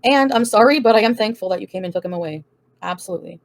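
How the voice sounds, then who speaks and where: A woman's voice: medium pitch, lively intonation, fast talker. A woman hosting a casual livestream, reading out and answering viewer comments in a blunt, profane, defiant way, laughing often. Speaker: livestream host answering chat.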